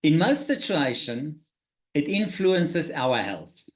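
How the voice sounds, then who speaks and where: Halting, earnest man with a higher voice. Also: big pitch swings. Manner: halting, many restarts and repeated words; earnest, emphatic about key points. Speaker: workshop presenter. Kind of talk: spoken lecture to participants.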